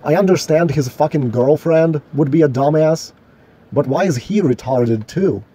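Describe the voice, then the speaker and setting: A man's voice: fairly high pitch, moderate pace, mellow, slightly rough. A man delivering a solo vlog rant in an indignant, argumentative, profane way. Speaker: vlogger.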